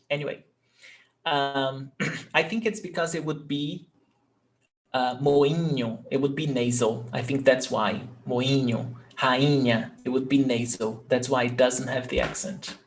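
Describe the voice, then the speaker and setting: Slow, patient male language teacher. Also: medium pitch, darkish tone. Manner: patient, explains rules step by step and checks understanding. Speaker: Portuguese teacher. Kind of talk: online language lesson.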